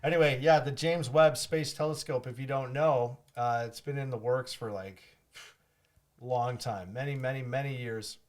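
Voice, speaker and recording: A man's voice: medium pitch, moderate pace. A man chatting casually with a friend as a guest, playful and joking in an upbeat way. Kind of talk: casual chat.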